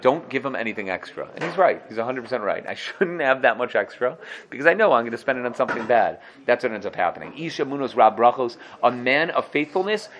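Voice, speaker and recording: A man, a yeshiva teacher, giving a casual Torah lesson, quick and conversational, acting out students' excuses and laughing at his own jokes. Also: mid-range voice, sing-song, a bit bright, muffled recording.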